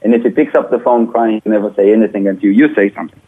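A man from Brazil, telling his personal testimony in an earnest, animated way with small grammar slips. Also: on the low side, rapid-fire, slightly rough. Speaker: interview guest. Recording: tinny phone line.

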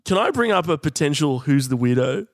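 A musician telling rambling stories with frequent chuckles in a casual podcast chat. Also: male voice, fairly high pitch, big pitch swings, a little fast, dry recording, clean studio sound.

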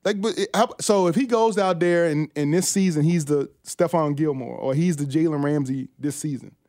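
Man, ex-football player, sports radio guest, halting speech, frequent restarts, slightly high voice, dry close mic. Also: a little mellow, dry recording. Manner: halting, many restarts and fillers. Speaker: former NFL linebacker, guest.

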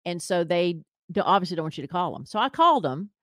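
In a clean, echo-free studio recording, a podcast co-host with a lowish voice talks quickly, spinning a story in casual chat. She's an animated storyteller who acts out the voices of the people she quotes.

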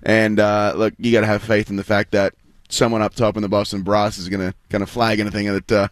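A man's voice: on the low side, level tone, quick pace, no room sound. A man with an Australian accent, chatting as a guest in a casual interview, rambling with fillers and restarts. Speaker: guest athlete.

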